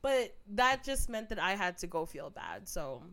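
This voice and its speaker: A woman's voice: mid-range voice, sing-song, normal speed, a bit bright. Young woman cohost, laughs a lot, swears, voice all over the place. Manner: giggly, swears a lot, storytelling. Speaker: podcast co-host. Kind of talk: casual chat.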